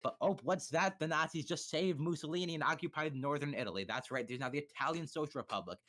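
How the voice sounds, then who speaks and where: A man's voice: on the high side, fast, fairly bright tone. A young man casually explaining history on a livestream, swearing and cracking crude jokes. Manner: crude, joking, profane.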